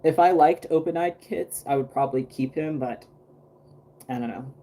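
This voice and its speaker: Man, casual livestream chat, painting dolls, rambling, filler-heavy, mellow warm tone. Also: fairly high pitch, moderate pace, a little hiss or hum. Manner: rambling, chatty, many fillers and restarts. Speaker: doll artist painting on a livestream.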